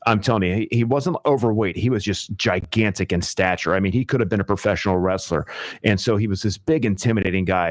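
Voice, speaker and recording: A man hosting talk radio, chatty and animated as he tells a long story from his restaurant days. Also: fairly low pitch, dry recording, studio quality. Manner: chatty, animated, many fillers. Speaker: radio talk show host. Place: radio studio. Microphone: studio microphone.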